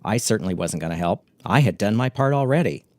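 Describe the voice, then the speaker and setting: Middle-aged man, memoir storytelling, deadpan catty humor, low voice, dry studio sound. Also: quick pace, dry recording.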